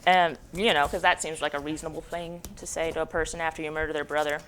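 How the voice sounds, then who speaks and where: A woman's voice: deep voice, little pitch movement, fast talker, fairly bright tone, a little hiss or hum. A young adult woman giving a jokey, slangy, casual book summary as a book club presenter.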